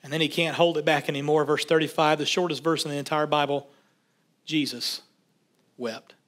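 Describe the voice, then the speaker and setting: A man with a high, bright voice preaching. He reads scripture aloud and breaks off to talk it through in a loose, conversational way. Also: fairly even intonation, normal speed. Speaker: pastor. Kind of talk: sermon.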